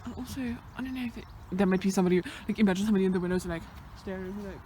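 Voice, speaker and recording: A woman vlogging on a hike outdoors, chatting nervously into a handheld camera and swinging between whispers and loud exclamations. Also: medium pitch, rapid-fire, a little hiss or hum. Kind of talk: casual vlog narration while hiking. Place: outdoors on a hillside near fenced fields.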